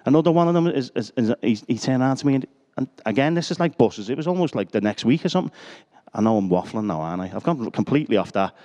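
A man's voice: mid-range voice, lively intonation, quick pace, few pauses, dark tone. A middle-aged man, preaching a sermon full of personal stories and self-deprecating jokes. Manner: chatty, self-deprecating, joking asides.

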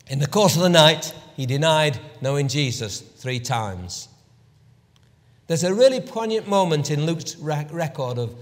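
A man preaching a sermon, telling the story with lively emphasis and dropping to a hushed voice for reflection, often clearing his throat. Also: on the high side. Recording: long hall reverb.

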